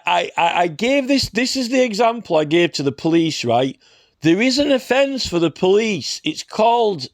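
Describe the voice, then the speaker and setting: A man giving an earnest, unscripted monologue, halting often and repeating words as he builds his complaint. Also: on the high side, no echo, studio quality. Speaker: citizen campaigner.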